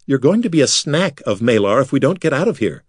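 A man's voice: medium pitch, sing-song, fast, husky, no room sound, clean studio sound, voice pushed up. A man voicing an anxious young companion who speaks breathlessly and in alarm. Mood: panicked.

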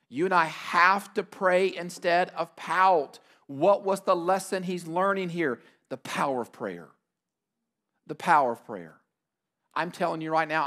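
A middle-aged male pastor delivers a sermon in a fairly high voice. He speaks emphatically, repeating key phrases for weight and acting out quoted prayers. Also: pushed and bright.

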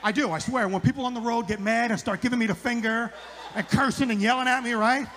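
A man's voice: extremely high pitch, fairly even intonation, fast, fairly bright tone. A middle-aged man doing a rambling stand-up comedy set on a club stage, repeating his lines for the punch.

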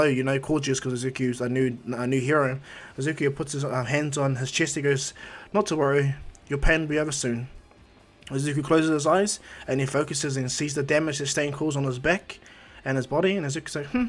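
A man's voice: medium pitch, steady tone, a little fast. A man casually telling a fan-fiction story, rambling with frequent restarts.

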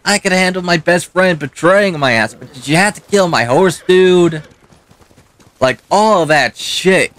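This young gaming host's voice is high-pitched, animated and a bit bright, moving at a moderate pace with few pauses. He curses and rants while commenting on his own let's play, arguing back at the game.

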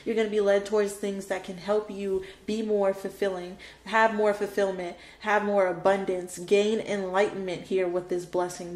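A tarot reader with a medium-pitched, slightly mellow voice gives a spoken card reading that's emotional and dramatic. She repeats phrases for emphasis, and the recording has a roomy echo and faint background noise.

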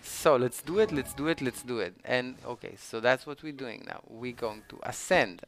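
A man with a non-native English accent streaming a game live, ranting and swearing excitedly as he plays. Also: mid-range voice, normal speed, hardly any pauses, dry recording. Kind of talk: live gameplay commentary.

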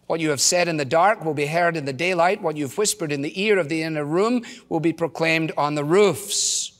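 High-voiced preacher in a reverberant church. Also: male voice, moderate pace, a bit bright. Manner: earnest preaching with rhetorical questions to the congregation. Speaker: pastor. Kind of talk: sermon.

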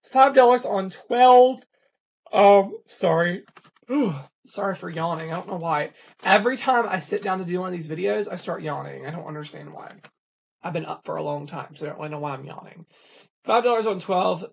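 Couponing vlogger with a gravelly, husky voice, running down a deal list item by item; dull lo-fi home recording. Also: mid-range voice. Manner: reads items off in a quick plain list. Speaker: couponing channel host. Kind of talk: casual coupon rundown.

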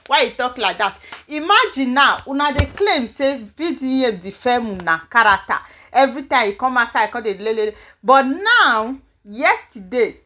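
Nigerian pidgin lady doing a commentary vlog, kinda high voice, opinionated and rambly. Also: a bit bright. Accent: Nigerian Pidgin English. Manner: chatty, opinionated, hesitant fillers. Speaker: vlog host.

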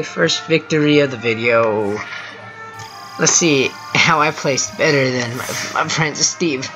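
Gameplay host, casual commentary, excitable, chatting with a teammate, middle pitch, game music clear behind. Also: slow pace, rough recording. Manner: chatty, excitable, talks to a teammate while playing. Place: at home.

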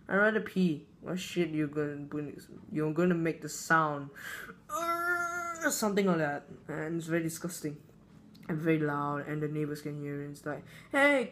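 A male channel host rambling through a casual would-you-rather vlog, halting often with fillers and restarts. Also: sits high, a bit bright.

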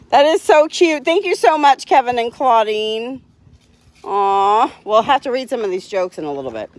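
A woman's voice: on the high side, lively intonation, measured pace. A woman hosting a casual livestream, talking cheerfully to her dogs and laughing often. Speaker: dog owner hosting a livestream.

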